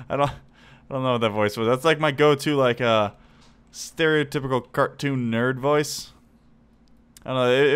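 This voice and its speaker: A man hosting a let's play, giving chatty, excitable commentary while he builds and fights. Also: mid-range voice, clean tone. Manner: excitable and chatty, laughs and exclaims. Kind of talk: casual gameplay commentary.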